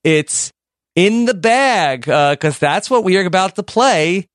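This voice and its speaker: A man's voice: sits high, expressive, a little slow, dry recording, clean studio sound. A man hosting a mock game show over a video call, rambling through his lines with lots of fillers.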